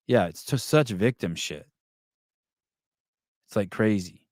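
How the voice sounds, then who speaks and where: A man's voice: on the low side, expressive, slow, no echo, clean studio sound. A man hosting a podcast in casual chat, reading live comments and ranting in a rambling, profane way with many restarts. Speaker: podcast host.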